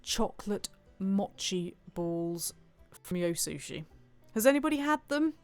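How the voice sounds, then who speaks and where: A woman's voice: mid-range voice, sing-song, measured pace, no room sound, soft background music. A woman streaming a cooking game, chatting playfully and reading viewer comments aloud. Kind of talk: casual gameplay commentary.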